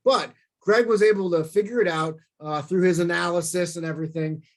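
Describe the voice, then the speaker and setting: A man from St. Louis giving a storytelling talk, animated and self-deprecating, acting out quoted lines in bursts. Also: high voice, a little fast. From St. Louis, USA.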